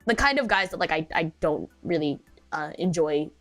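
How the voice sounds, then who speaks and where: A woman's voice: low-pitched, animated, moderate pace, a bit bright, soft background music. A young woman streaming as a VTuber, telling stories in casual chat, rambling with lots of filler words and giggles.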